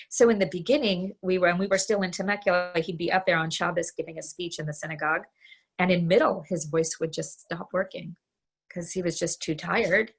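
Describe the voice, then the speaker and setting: A middle-aged woman giving a candid personal talk from her home over a video call, halting and restarting often. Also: fairly low pitch, creaky, fairly bright tone, slightly rough. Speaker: guest speaker.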